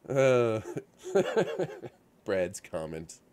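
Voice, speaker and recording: A man's voice: medium pitch, normal speed, noisy background. Rambling man telling game stories. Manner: rambling, animated storytelling with frequent fillers. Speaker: show host. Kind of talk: casual chat about video games. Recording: radio-show studio setup.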